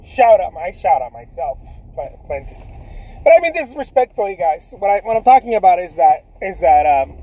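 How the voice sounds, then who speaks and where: A man, an artist, giving a motivational vlog talk to his viewers, loud, swaggering and profane, laughing between points. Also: high voice, lively intonation, moderate pace, poor audio.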